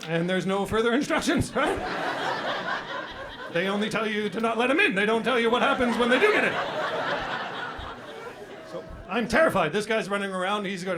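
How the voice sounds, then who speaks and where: A man's voice: high voice, expressive, fairly quick, pushed and bright. A man from Canada doing a loose stand-up comedy set on a club stage, tossing in constant "right?" and "okay?" asides. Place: comedy club stage before a live audience.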